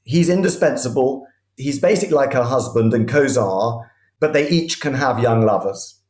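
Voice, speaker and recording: Male historian telling animated stories in a roomy space. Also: mid-range voice. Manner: animated, vivid anecdotes with quick restarts. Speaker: guest historian. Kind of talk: conversational history storytelling.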